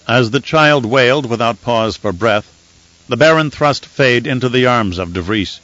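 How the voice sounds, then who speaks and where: A male audiobook narrator with a medium-pitched voice, reading in a measured, even way. The recording is dull and lo-fi, close and dry with no room sound. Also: no room sound. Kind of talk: scripted narration.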